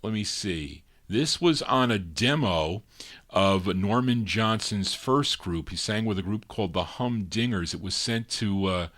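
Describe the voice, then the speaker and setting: A man's voice: lowish voice, a bit bright. A man hosting a record request show, chatting casually between songs as he dedicates each record to a listener and reads out its label details. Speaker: radio-style record show host.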